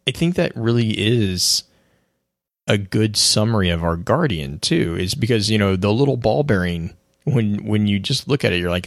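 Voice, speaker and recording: A man's voice: fairly low pitch, animated, moderate pace, creaky, no echo, clean studio sound. A man co-hosting a podcast in casual chat, rambling and restarting his sentences often. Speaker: podcast co-host.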